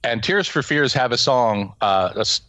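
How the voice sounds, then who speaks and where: A man's voice: mid-range voice, lively intonation, normal speed, bright, forceful tone, no room sound. A man in his forties hosting a casual comic book discussion, chatty and jokey with rambling restarts. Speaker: podcast host.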